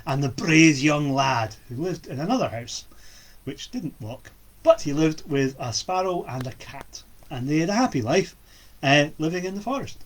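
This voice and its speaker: Playful storyteller, very lively pitch. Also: normal speed, slight background noise. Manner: playful, with sound effects. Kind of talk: storytelling for children.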